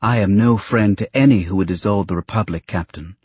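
A man's voice: on the low side, a little fast, a little mellow, slightly rough. A man voicing a young female senator who speaks firmly and leaves no room for debate. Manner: firm, insistent.

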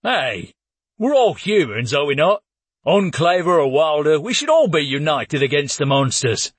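An earnest young man adventurer, voiced by a male narrator, a little higher and louder than the narrator. He speaks in a conciliatory, sincere way. It is an audiobook read. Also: very animated, a little slow, breathy edge, no echo, heavily acted.

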